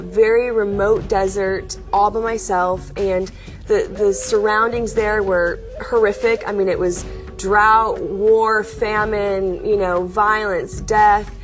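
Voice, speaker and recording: A woman, likely in her thirties, telling her faith story as an interview guest, earnest and often laughing softly. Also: medium pitch. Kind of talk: testimony in a studio interview.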